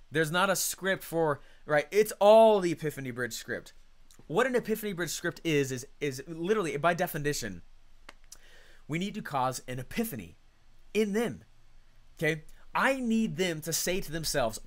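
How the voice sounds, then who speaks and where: A man's voice: a little high, lively intonation, normal speed. A man leading a live online coaching call, talking energetically and conversationally and reacting to chat comments.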